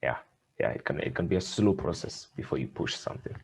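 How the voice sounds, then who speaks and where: A man speaking as a panelist, brief and low-key. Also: lively intonation, quick pace, vocal fry, breathy edge. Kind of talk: casual panel talk.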